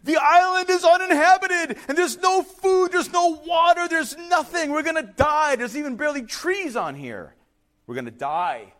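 A man voicing a panicking stranded man who is shouting in a frantic, out-of-control way. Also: fairly high pitch, expressive, a little fast, few pauses, voice pushed down.

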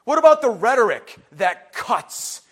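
A man, preaching an impassioned sermon that builds to shouting. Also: very high-pitched, sing-song, unhurried. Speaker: pastor.

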